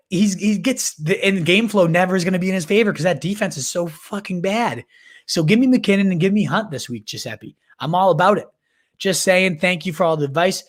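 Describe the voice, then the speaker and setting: A man hosting a live fantasy football Q&A, talking in a hyped, slangy way, often restarting mid-sentence. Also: high-pitched. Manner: hyped, slangy, calls viewers "baby" and "my dude"; restarts and repeats words while thinking aloud. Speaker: fantasy football livestream host. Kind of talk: casual live Q&A chat.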